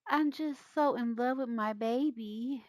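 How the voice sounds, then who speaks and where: Excited young wife in labor from a life-sim game, high and loud, put on by a woman narrator. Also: a little slow, background noise, natural voice.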